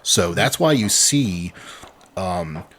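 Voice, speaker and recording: A man's voice: deep voice, animated, takes it slowly, fairly bright tone, a little hiss or hum. A man, co-hosting a podcast in a casual chat, rambling through explanations with the odd swear word. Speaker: podcast co-host.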